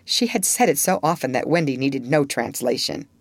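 Woman reading a classic story aloud, low voice that moves around a lot, dry close mic. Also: lively intonation, normal speed, no room sound. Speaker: audiobook narrator. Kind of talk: scripted storybook narration.

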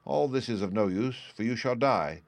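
A man's voice: medium pitch, lively intonation, normal speed, no room sound, natural voice. A man voicing a cruel, raging husband who bawls threats, in a storybook reading. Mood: cold. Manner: bawling, threatening.

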